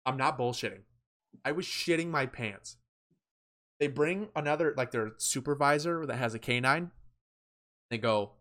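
A man's voice: medium pitch, normal speed, pauses often, bright, forceful tone. A young man co-hosting a podcast, telling a story in casual chat with lots of swearing and acted-out quotes. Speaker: podcast co-host.

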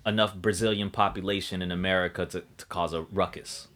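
Guy with a bright voice, swears a lot, rambles and restarts, casual chat. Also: deep voice, steady tone, a little fast. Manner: profane, rambling, self-interrupting.

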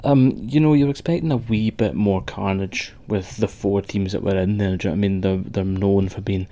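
A man's voice: fairly low pitch, steady tone, a little fast, mellow. A Scottish man co-hosting a wrestling podcast, rambling and swearing as he chats with a friend. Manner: sweary, rambling, laughs a lot. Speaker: podcast co-host. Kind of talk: casual podcast chat.

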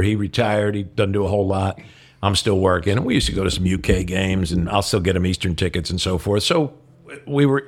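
An older man co-hosting a podcast in a studio, telling a story in an animated way and laughing often. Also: lowish voice. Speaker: podcast co-host. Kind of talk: casual podcast chat. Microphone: studio mic.

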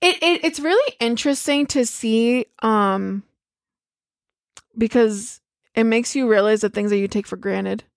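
A woman in casual chat, retelling a movie in a lively way, swearing freely and acting out the characters' lines. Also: a little high, measured pace. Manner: animated storyteller, swears freely, acts out quotes.

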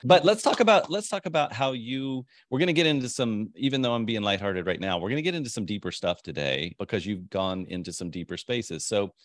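A man's voice: fairly low pitch, animated, fairly quick, hardly any pauses, no echo, studio quality. Chatty man hosting a podcast. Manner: chatty, rambling, laughs often. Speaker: podcast host. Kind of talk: casual interview chat.

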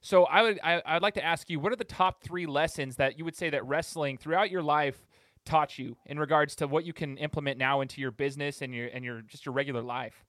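Quick, slightly high-voiced male host. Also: fairly even intonation, fairly bright tone, dry recording, clean studio sound. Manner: rambling, filler-heavy questions. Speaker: podcast host. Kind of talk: conversational interview.

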